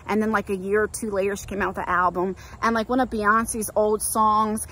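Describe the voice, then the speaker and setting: A middle-aged woman with a New Jersey accent, telling a story in a chatty, animated way while walking outdoors with her phone. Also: mid-range voice, brisk, few pauses, poor audio. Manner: chatty, animated storytelling, acts out quoted voices. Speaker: vlogger. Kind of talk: walk-and-talk storytime.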